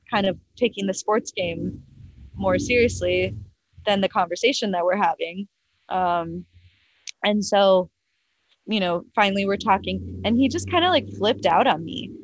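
A young adult woman telling a personal story as a podcast guest, chatty, full of "like" and casual swearing, acting out both sides of a past conversation. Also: medium pitch. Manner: chatty, heavy use of "like", swears freely.

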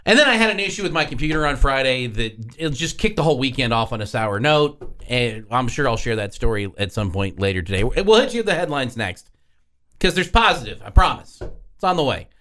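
A man's voice: mid-range voice, very animated, brisk, fairly bright tone. A man hosting a sports talk radio show, talking in an exasperated, sarcastic way.

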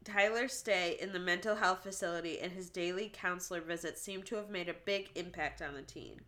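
A woman's voice: on the low side, a little fast, a bit bright. A woman co-hosting a casual true-crime podcast, reading out case notes and joking and laughing between the facts. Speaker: podcast co-host.

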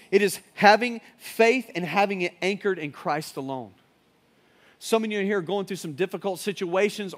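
A man preaching a sermon, telling a story, building to loud urgent peaks and dropping to hushed, earnest lines. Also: sits high. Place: church service with live audience.

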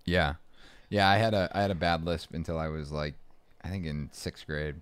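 Low smooth-voiced man with faint Boston accent. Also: normal speed, no echo. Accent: faint Boston, mostly smoothed out. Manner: rambling, many restarts and asides. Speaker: interview guest. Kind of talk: casual interview talk.

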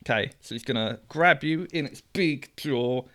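A man's voice: mid-range voice, normal speed. A man running a tabletop game as game master, methodically calling out rolls and results. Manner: calls out dice numbers in a steady, methodical way.

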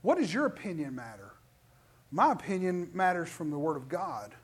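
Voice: mid-range voice, normal speed, slightly rough. A middle-aged preacher giving an emphatic sermon with lots of restarts. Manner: animated, emphatic, with many restarts.

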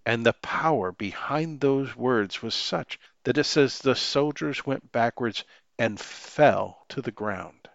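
A man hosting a podcast, giving a measured, scripted Bible teaching. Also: fairly low pitch, fairly bright tone, no room sound, lo-fi sound. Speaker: podcast host.

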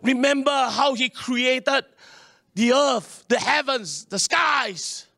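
A middle-aged pastor preaches with lively energy, often calling for an amen and slipping in local slang. His voice sits high and sounds bright and forceful. The recording is close and dry. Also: slow pace, dry recording. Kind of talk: sermon.

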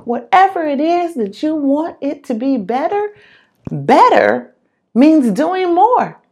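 A woman's voice: high voice, very animated, slow pace, darkish tone. A woman giving an earnest, encouraging motivational monologue and repeating phrases for emphasis.

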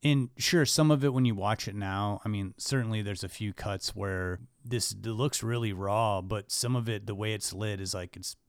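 A man hosting a film podcast, talking in a loose, rambling way with lots of fillers and restarts. His voice sits low with a gravelly fry, yet stays smooth. The recording is dry and close. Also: normal speed, hardly any pauses, no room sound. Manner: rambling, many fillers and restarts, trails off quietly. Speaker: podcast host. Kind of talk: casual film discussion.

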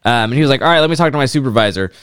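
Smooth-voiced man telling a rambling story. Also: medium pitch, expressive, rapid-fire, fairly bright tone, dry recording, clean studio sound. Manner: rambling storyteller, swears often, lots of "like". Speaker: podcast co-host. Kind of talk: casual chat.

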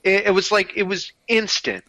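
Bright-voiced, enthusiastic man chatting. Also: sits high, animated, moderate pace, no room sound, low-quality recording. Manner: enthusiastic, frequent "like" and restarts. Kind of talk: casual film discussion.

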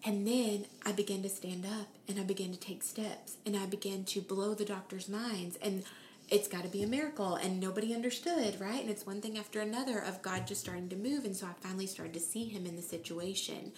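A woman's voice: medium pitch, a little fast. An earnest woman in her thirties recounts her faith journey in a conversational way. She slips into quoted voices with feeling. The room has a noticeable echo and faint background hiss. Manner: earnest, emotional storytelling with animated quoted voices. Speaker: guest sharing her testimony.

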